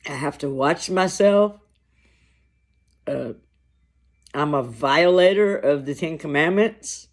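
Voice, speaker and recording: Man, fairly high voice, unhurried and reflective, casual lunch vlog. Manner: slow, reflective, halting, with long pauses. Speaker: vlogger. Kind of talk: casual talk to camera while eating lunch.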